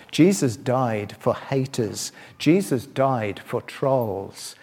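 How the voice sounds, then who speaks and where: Male preacher, middle-aged, sermon delivery, direct questions to listeners, swings from loud and quick to hushed and slow. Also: medium pitch. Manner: rises loud and fast when stirred, drops quiet and slow to reflect.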